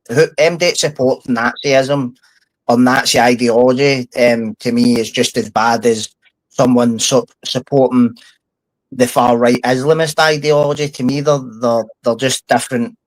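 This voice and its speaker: A man's voice: mid-range voice, no room sound, rough recording. A Scottish man in casual podcast chat. He is blunt and heated and swears often. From Scotland. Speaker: podcast guest, former prisoner.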